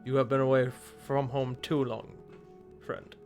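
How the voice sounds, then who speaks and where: A brash young nobleman, as a game master puts him on, friendly and quick with a joke. He speaks in a tabletop game. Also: medium pitch, level tone, darkish tone, soft background music, natural voice. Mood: jokey.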